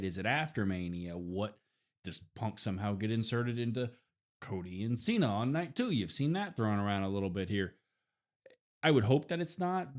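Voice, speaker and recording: A man co-hosting a wrestling podcast, giving his opinions in a casual, musing way. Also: on the low side. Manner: thoughtful, musing, with steady "mm-hmm" backchannels.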